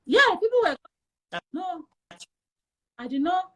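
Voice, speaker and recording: Woman, young adult, Nigerian accent, high-pitched, emphatic, animated storytelling, interview guest. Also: takes it slowly. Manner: emphatic and animated, acts out quoted voices. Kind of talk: candid personal storytelling in an interview.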